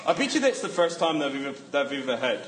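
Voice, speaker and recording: Chatty New preacher, fairly high voice. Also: male voice, very animated, fast, a little hiss or hum, low-quality recording. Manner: conversational, joking asides, emphatic repetition. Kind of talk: casual sermon.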